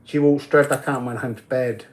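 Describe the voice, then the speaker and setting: A man's voice: medium pitch, fairly even intonation, a little fast, a little mellow. A man giving oracle card readings in a casual live-stream chat, talking easily, answering viewers' comments and laughing often.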